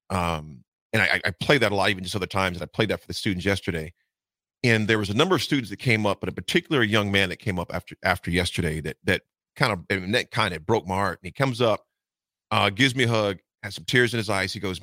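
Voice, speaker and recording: A man's voice: deep voice, fast, bright, forceful tone, no echo. A man co-hosting a morning radio show, talking earnestly and from the heart to listeners.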